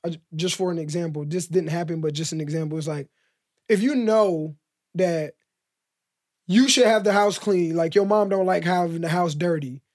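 Brief: male podcast co-host with a high voice, rambling casual talker, lots of "like". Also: moderate pace, a little mellow. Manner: rambling, heavy use of "like", acts out quoted exchanges. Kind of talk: casual chat.

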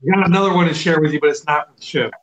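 A man's voice: fairly high pitch, rapid-fire, highs cut off, noisy background. A man co-hosting a radio talk show, teasing and playful in casual chat. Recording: roomy echoey studio sound.

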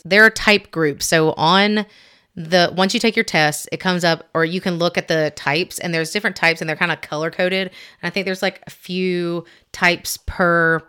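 A woman's voice: deep voice, fairly bright tone, clean tone. A woman co-hosting a podcast, chatting casually and reading a personality test aloud with stumbles and giggles. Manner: chatty, reads haltingly with giggles and self-corrections. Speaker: podcast co-host.

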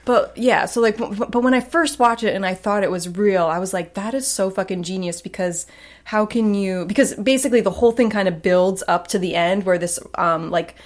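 A woman's voice: medium pitch, a little fast. A woman co-hosting a podcast in casual chat, talking loosely with frequent swearing. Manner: casual, swears freely, lots of fillers. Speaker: podcast co-host.

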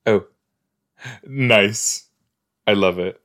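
A man's voice: lowish voice, animated, takes it slowly, long pauses. A man hosting a podcast, chatting playfully as he reacts to a show he is watching. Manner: chatty, playful, talks to the screen. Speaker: podcast host. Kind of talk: casual watch-along reaction.

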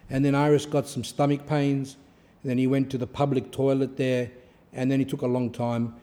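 A man delivers a fervent sermon in a mellow, darker voice. He tells stories, repeats phrases for emphasis, and swings from loud declarations to quiet asides. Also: medium pitch. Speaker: preacher.

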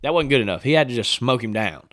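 Guy telling a hunting story, gets loud and excited acting out quotes, dry close mic. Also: mid-range voice, quick pace, no room sound. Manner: animated storyteller, acts out quotes, laughs often. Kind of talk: casual chat.

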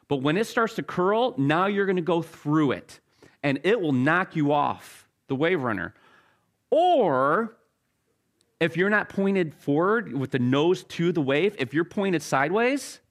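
A man preaching a sermon as pastor, telling an animated story with halting restarts. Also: on the high side.

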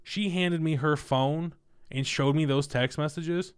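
A young man casually telling a personal story in a candid, profane, animated way. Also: fairly high pitch, a little slow, smooth.

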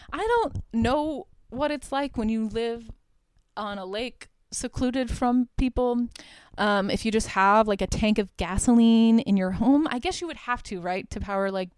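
A woman's voice: medium pitch, smooth, dry recording. A young woman hosting a podcast, recapping a horror film in a casual, chatty way, full of fillers and swearing. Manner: chatty, profane, lots of "like" fillers. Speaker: podcast host.

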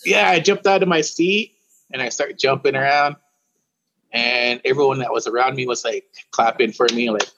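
Man from Warm Springs, Oregon, casual guest storyteller, mid-pitched, rambling with restarts, slightly dull lo-fi audio. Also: moderate pace, creaky. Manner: rambling, repeats and restarts words, says "bro" often. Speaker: guest musician.

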